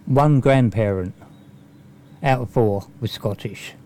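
A man hosting a radio show in a jokey, chatty way. His voice sits at an ordinary middle pitch, and there is faint noise behind it. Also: slow pace, dark tone. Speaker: radio presenter. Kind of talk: casual on-air chat.

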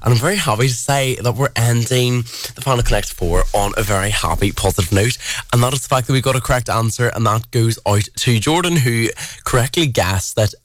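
A man's voice: mid-range voice, brisk, no room sound. A young man in his twenties with an Irish accent, hosting a local radio show in a studio and chatting casually between songs, with lots of "like.". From Ireland. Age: 20s. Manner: chatty, peppered with "like".

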